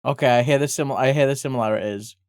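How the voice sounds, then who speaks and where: A livestreamer chatting casually with viewers while drawing, swearing freely and breaking into excited yelps. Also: medium pitch, very fast, no echo, studio quality.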